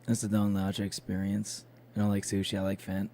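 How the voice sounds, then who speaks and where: A man's voice: fairly low pitch, monotone, fairly quick, warm tone, slight background noise. A young man chatting casually with his live-stream chat, loose and swearing, with plenty of fillers.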